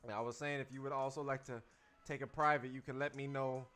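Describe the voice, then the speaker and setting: A man's voice: mid-range voice, flat delivery, fast, fairly bright tone. A man hosting a casual livestream as a dance teacher, talking loosely in slang to his viewers and repeating his phrases.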